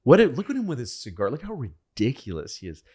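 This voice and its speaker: A man's voice: medium pitch, wildly swooping pitch, fast, a little mellow, breathy edge. A boisterous old statesman with a raised, jolly voice, breezily brushing off an ally and then openly mocking him, as a comedian puts him on. The tone is teasing and gleeful, told as part of a comic podcast story. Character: boisterous older male world leader mocking an ally.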